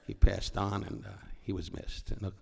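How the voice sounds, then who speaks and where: An older man with a low, gravelly voice, telling stories from a stage. He rambles and wisecracks, breaking off mid-sentence to start over. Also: flat delivery, normal speed, mellow. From New York. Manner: rambling, self-interrupting, wisecracking. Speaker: comedian guest. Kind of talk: on-stage storytelling conversation. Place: stage before a live audience.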